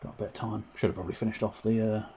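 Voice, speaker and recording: A man giving excitable, self-mocking running commentary on his own gameplay while streaming, sometimes turned away from his microphone. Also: on the low side, very fast, vocal fry, a little hiss or hum. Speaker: livestreamer. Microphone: desk microphone, sometimes turned away.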